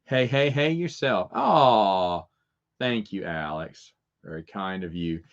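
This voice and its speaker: A man's voice: low voice, lively intonation, slow pace, muffled recording. A man hosting a casual Q&A chat, rambling through stories and chuckling at his own jokes. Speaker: host answering viewer questions.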